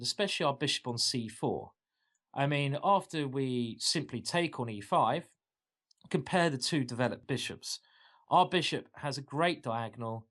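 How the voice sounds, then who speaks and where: Enthusiastic man explaining chess moves. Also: medium pitch. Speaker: chess coach. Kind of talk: chess lesson.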